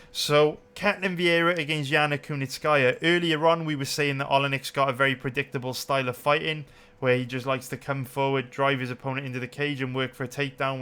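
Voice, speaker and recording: A man's voice: mid-range voice, sharp tone, clean tone. A young man hosting a betting channel, giving a brash, profane and emphatic casual breakdown while calling his viewers boys.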